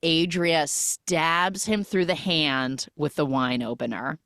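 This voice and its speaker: A woman's voice: low-pitched, slow, clean tone, no room sound, studio quality. A woman on a podcast chattily retelling a film plot, full of "like"s. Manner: chatty, animated retelling with many "like"s. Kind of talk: casual podcast film recap.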